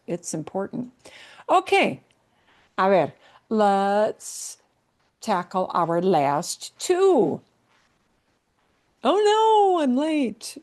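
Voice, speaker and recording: A woman's voice: mid-range voice, a little mellow. A woman teaching a Spanish class, who explains patiently, repeats words with the stress on the right syllable and keeps checking in with "yeah?" and "okay?". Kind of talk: online language class.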